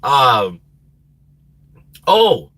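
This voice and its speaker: A man hosting a live stream chats in a loose, rambling way, laughing and losing his train of thought. His voice is bright and slightly husky, and it swoops up and down in pitch. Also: wildly swooping pitch, extremely slow. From Minnesota. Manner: rambling, laughs often, trails off. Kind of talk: casual live stream chat.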